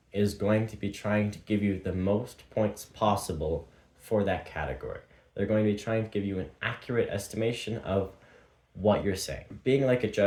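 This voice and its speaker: Fast-talking man with a low voice in a roomy echo. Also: darkish tone. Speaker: presentation skills coach. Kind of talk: motivational tips talk.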